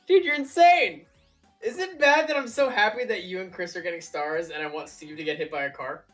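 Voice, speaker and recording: Bright-voiced bantering drunk gamer man. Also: high-pitched, fairly quick, faint music behind. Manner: bantering, mock-pleading. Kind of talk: drunk gaming chat.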